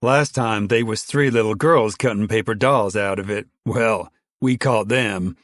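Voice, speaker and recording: A man's voice: on the low side, a little slow, no room sound, studio quality, close to an everyday voice. A man voicing a stern middle-aged woman who chairs a camp committee, talking in a bossy rural drawl.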